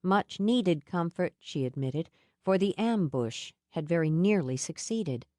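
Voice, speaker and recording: Female audiobook narrator, low voice, measured, dry close recording. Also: animated, a little mellow, no room sound. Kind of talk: scripted narration.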